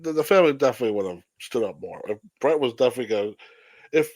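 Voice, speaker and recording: A man's voice: medium pitch, lively intonation, rapid-fire, a little mellow, no room sound. Rambling podcast co-host man. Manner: hesitant, rambling with restarts. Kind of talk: casual chat.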